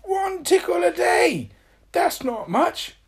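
A woman's voice: medium pitch, steady tone, warm tone, voice pushed up. A woman voicing a mischievous, whiny man who loves tickling people, in a storybook reading. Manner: whining, drawn-out complaints.

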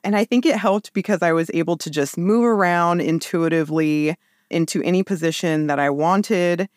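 A woman in her thirties telling a personal story in casual chat, with lively, animated quoted voices. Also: lowish voice, moderate pace, no echo, studio quality. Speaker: podcast guest.

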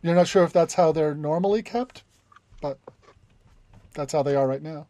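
A woman's voice: sits low, moderate pace, warm tone. A woman running a tabletop game as game master, narrating with many stops and restarts. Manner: hesitant, many restarts and fillers.

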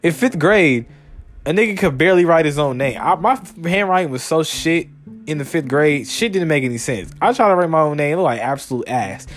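Animated young man ranting with profanity. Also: on the high side, a little fast. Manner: animated, swearing, mock-quoting people in a raised voice. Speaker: podcast host. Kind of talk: profane comedic rant.

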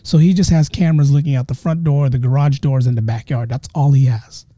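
A man hosting a podcast, telling a ghost story in a chatty way, talking straight to his listeners and slowing down for suspense. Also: medium pitch, steady tone, dark tone, no room sound. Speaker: podcast host.

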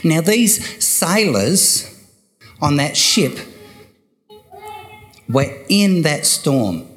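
An older man preaching a sermon, slow and emphatic, repeating key phrases for weight. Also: a little high, very animated, fairly bright tone, faint music behind.

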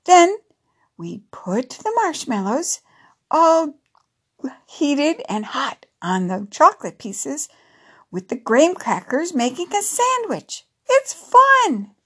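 A woman putting on an excited little girl in a storybook, her voice pitched very high and bouncing around as she chatters. Her delivery is unhurried and bubbly. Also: exaggerated voice. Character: lively young girl explaining s'mores.

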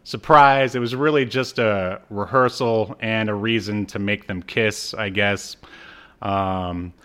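Smooth-voiced man recapping with laughs. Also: fairly low pitch, steady tone, slow, pushed and bright. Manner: laughs while retelling, acts out character lines. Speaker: podcast co-host recapping an episode. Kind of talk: casual chat.

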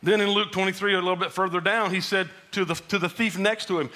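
Guy preaching a sermon, highish bright voice, builds up then drops way down. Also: fairly even intonation, quick pace. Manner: preaching, rising to shouted quotes then dropping low. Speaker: pastor.

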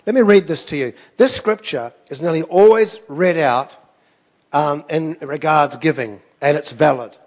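A man's voice: on the high side, a little slow, a little mellow, long reverb tail. A man preaching a sermon, telling stories in a conversational way with self-deprecating asides. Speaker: pastor.

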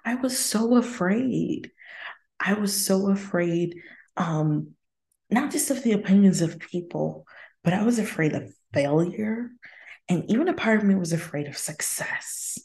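A woman's voice: medium pitch, animated, measured pace, vocal fry, a little mellow. A woman hosting her own podcast from her apartment. She talks through her personal faith journey candidly and reflectively, breaking into laughter between thoughts. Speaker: podcast host. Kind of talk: casual faith-sharing monologue. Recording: roomy echo in a home room.

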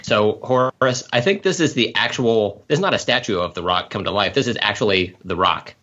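Low bright-voiced male player. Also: lively intonation, brisk, lo-fi sound. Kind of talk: tabletop game chat.

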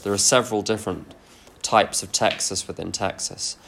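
A man's voice: on the low side, steady tone, moderate pace, vocal fry, a bit bright, a little hiss or hum. Frank man telling recovery anecdotes. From England. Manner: self-deprecating, anecdotal, frank. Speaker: recovery workshop speaker. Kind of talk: workshop talk with personal anecdotes.

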